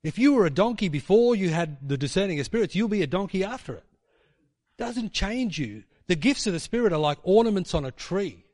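A man's voice: high voice, expressive, brisk, darkish tone, dry recording. A man preaching a sermon in a casual storytelling way, with fillers and tag questions.

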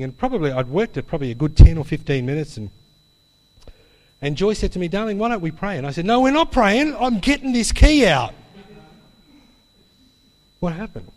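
A slightly high-voiced man delivers a sermon in a large, echoing hall, with a long reverb trailing his words. His preaching is conversational and anecdotal, full of asides and tag questions. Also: a little mellow. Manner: chatty storytelling with tag questions. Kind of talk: sermon with a personal story.

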